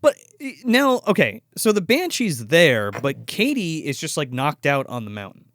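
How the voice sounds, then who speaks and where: A man co-hosting a podcast, recapping a movie in casual chat, profane and animated, acting out lines from the film. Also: on the high side, moderate pace, dry recording, studio quality. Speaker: podcast co-host.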